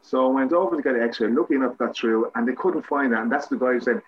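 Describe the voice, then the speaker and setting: A man's voice: medium pitch, quick pace, husky, muffled recording. An Irish man, a guest actor, telling rambling, self-mocking anecdotes with many restarts in a casual interview.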